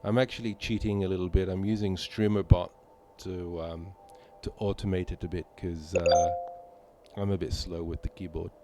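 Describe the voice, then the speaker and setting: A man's voice: sits low, steady tone, normal speed, loud music behind the voice. A man from Malta chatting casually with viewers while playing a game on a live stream, rambling with many fillers. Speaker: gaming streamer.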